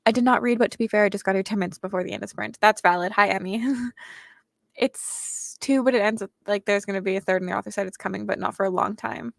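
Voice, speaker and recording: A young woman hosts a casual reading livestream. She reads viewer comments aloud and answers them in a chatty way. Her voice sits at a medium pitch and is recorded close and dry, with no room sound. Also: steady tone, fast, creaky, no room sound. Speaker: booktuber host reading chat aloud.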